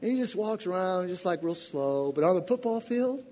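A middle-aged man preaching a sermon, swinging between loud shouted exhortation and low, conversational storytelling. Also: expressive, normal speed. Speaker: pastor. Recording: long hall reverb.

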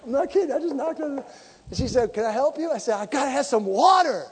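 A man preaching a sermon, telling stories and acting out dialogue, sometimes shouting for emphasis. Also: very high voice, expressive, fast talker, slight background noise. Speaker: pastor. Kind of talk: sermon with storytelling. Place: church sanctuary. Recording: hall reverb.

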